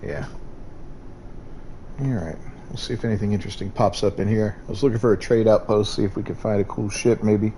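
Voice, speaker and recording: A man's voice: fairly low pitch, steady tone, brisk, long pauses, warm tone, a little hiss or hum. A man hosting a gaming livestream, chatting casually in a laid-back way and thinking aloud. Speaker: streamer host.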